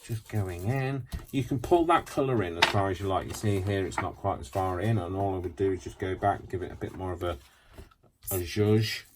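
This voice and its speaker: A man's voice: sits low, a little fast, noisy background. A man hosting a casual craft demonstration, chatty and rambling, with self-mocking asides. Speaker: craft tutorial host.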